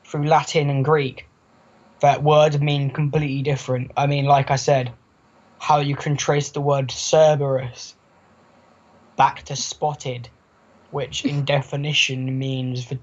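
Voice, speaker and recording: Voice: mid-range voice, flat delivery, a little slow. A podcast co-host in casual chat, rambling and joking and slipping into quoted voices. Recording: muffled lo-fi recording.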